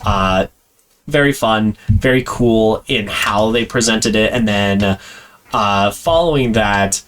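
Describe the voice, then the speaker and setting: A man's voice: on the low side, slow, fairly bright tone. A man co-hosting a podcast in casual chat, rambling with plenty of fillers and frequent laughs. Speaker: podcast co-host.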